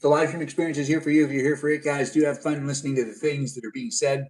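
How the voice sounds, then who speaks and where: A man's voice: a little high, steady tone, fast, darkish tone, distant mic. A man from Los Angeles hosting a casual livestream, chatty and answering viewer comments as they come in. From Los Angeles, California. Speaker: livestream host.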